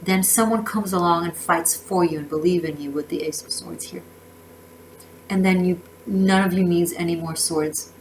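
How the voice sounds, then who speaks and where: A woman's voice: on the low side, normal speed, a little mellow, a little hiss or hum, low-quality recording. Effusive woman doing a tarot reading. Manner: effusive, emotional, with many restarts and laughs. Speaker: tarot reader.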